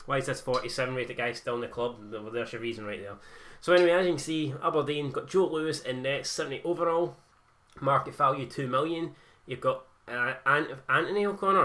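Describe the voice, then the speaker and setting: A man's voice: mid-range voice, bright, forceful tone. A young Scottish man giving casual, blunt and sweary commentary over a football video game, sarcastic in tone. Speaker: gaming YouTuber.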